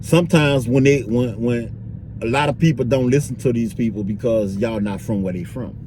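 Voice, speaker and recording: A man's voice: medium pitch, moderate pace, background noise. A man vlogging in a loose, slangy street-talk monologue, filling it with "you dig" and "bro".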